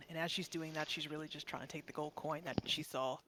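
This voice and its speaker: A woman's voice: sits low, fairly even intonation, fast, very noisy. A woman playing a tabletop game, narrating her character and whispering its lines. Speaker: player.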